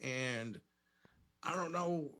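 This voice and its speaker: A man's voice: medium pitch, drawn-out words, sharp tone. A man doing a hesitant impression of a folksy TV talk-show psychologist. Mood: awkward. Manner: hesitant, put on the spot.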